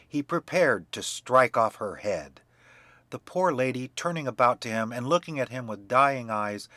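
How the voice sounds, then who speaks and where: A man narrating a fairy tale for young children in a measured, expressive reading. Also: medium pitch, dry recording. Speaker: storyteller.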